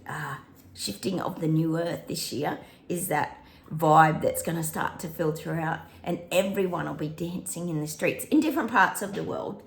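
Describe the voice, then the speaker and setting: A woman's voice: sits low, reverberant. A woman hosting a psychic prediction channel, chatting casually to viewers, breaking into bits of song and laughing often.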